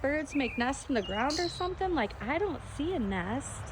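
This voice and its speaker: A woman vlogging outdoors in her backyard, talking to the camera and coaxing a bird in a high sing-song voice. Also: very animated, normal speed, few pauses, slight background noise.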